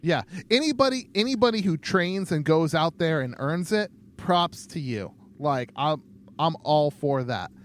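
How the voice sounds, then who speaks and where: A young man co-hosts a podcast in a loose, casual chat. His voice sits a little high, and he meanders through his points with plenty of ums and offhand jokes. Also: animated, a little slow, slight background noise. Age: young adult. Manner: rambling, many ums, laid-back joking. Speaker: podcast co-host.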